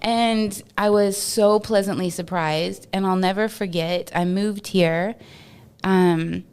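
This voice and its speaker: A woman from Texas, a podcast guest, telling stories in an animated, casual way and laughing often. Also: mid-range voice, takes it slowly, smooth. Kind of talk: casual storytelling interview.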